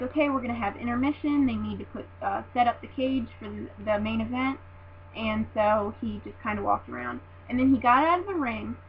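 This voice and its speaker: A young woman eagerly recounting a live wrestling show in a casual vlog, gushing and giggly as she tells it. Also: fairly high pitch. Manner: gushing, excitable, giggly fangirl. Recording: tinny lo-fi phone-like audio with faint hum.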